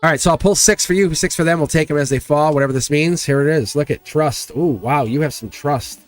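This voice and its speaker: Animated man giving a live tarot reading. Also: a little high, brisk. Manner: animated, chatty, laughs often, talks straight to viewers. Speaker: tarot reader and live stream host.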